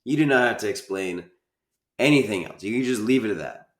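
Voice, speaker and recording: A man with a low, deep voice talks through a casual film review, hammering home his complaints with emphatic repetition. His voice rings around a bare, echoey room. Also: lively intonation, fairly quick. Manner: emphatic, repeats points in frustrated rants. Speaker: podcast co-host.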